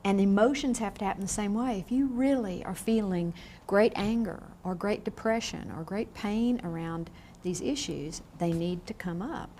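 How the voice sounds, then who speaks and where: A woman lecturing a class on grief in a frank, lively way, often asking the room questions. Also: medium pitch, normal speed, hardly any pauses, a little hiss or hum. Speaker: grief educator. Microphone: on camera, room mic.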